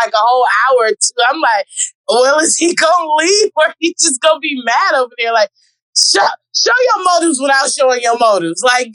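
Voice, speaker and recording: A woman telling a dating story in a casual group chat, loud and animated, often shouting. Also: high-pitched, no room sound, poor audio.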